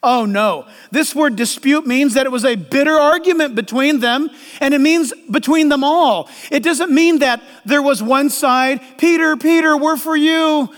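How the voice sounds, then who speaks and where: A man preaching a sermon as a pastor, animated and acting out voices in the quotes. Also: very high voice, normal speed, few pauses, big-room sound.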